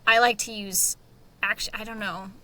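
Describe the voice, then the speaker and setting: A woman co-hosting a podcast, chatting casually and reading book reviews aloud with lively, giggly asides. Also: medium pitch, rough recording. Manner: animated, giggly, quick asides. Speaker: podcast co-host.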